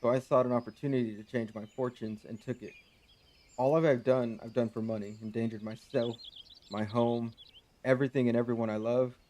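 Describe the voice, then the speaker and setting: An actor playing a proud, bitter soldier who turned traitor, speaking formal, archaic lines in a game cutscene. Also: male voice, mid-range voice, steady tone, a little fast, mellow, lo-fi sound, slight background noise, natural voice. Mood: regretful.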